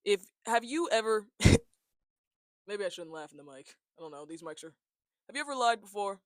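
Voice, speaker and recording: A congested young man of nineteen jokes and mocks himself in a loose, chatty vlog, his voice sitting high. He holds a tiny mic close, so the sound is dry and very near, with no room around it. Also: normal speed, pauses often, dry recording. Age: young adult. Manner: joking, self-mocking, animated. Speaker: vlogger. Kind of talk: casual talking-head chat. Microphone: small handheld mic, close.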